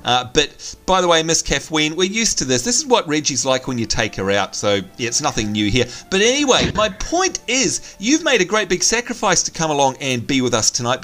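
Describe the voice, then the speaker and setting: A man hosting a gameplay video with casual, excitable, teasing chatter. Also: a little high. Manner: excitable, teasing, laughs often. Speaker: let's play host. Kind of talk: casual gaming commentary.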